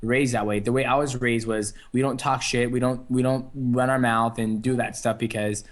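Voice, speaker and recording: A man's voice: medium pitch, fairly even intonation, moderate pace. Young guy chatting easy in an interview, lots of um and you know, mid voice. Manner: easygoing, many fillers and restarts. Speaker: interview guest, fighter. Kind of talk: casual phone interview.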